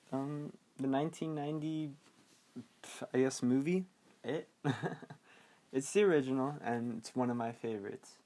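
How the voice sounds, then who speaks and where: A man's voice: mid-range voice, a little mellow. Rambling, laughing man recapping a film. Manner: rambling, laughs often, acts out scenes in quick silly voices. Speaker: podcast host reviewing a film. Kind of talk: casual movie recap.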